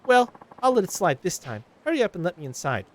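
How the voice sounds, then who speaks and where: A man's voice: very animated, quick pace, slight background noise. A man reading game lines aloud, voicing a rude, impatient woman passenger who nags and complains. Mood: irritated. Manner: shrill, nagging, huffy.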